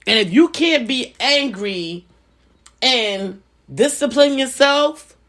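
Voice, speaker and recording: In her casual vlog, a woman hands out life advice in a chatty, sermon-like way, repeating phrases frequently. Her voice is high-pitched, animated and fairly bright, and her delivery is slow.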